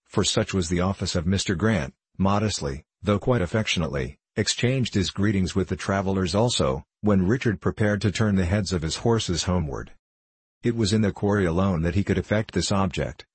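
A man narrating a classic novel in a measured, even way. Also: low voice, husky, dry recording. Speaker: audiobook narrator.

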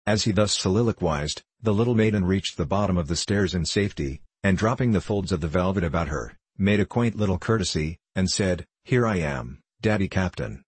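Deep, husky male audiobook narrator. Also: a little fast, hardly any pauses, dry recording. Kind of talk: scripted narration.

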